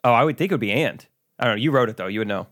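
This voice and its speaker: A man co-hosting a podcast, trading relaxed, easygoing banter and recapping his week. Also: medium pitch, very fast. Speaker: podcast co-host. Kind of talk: casual chat.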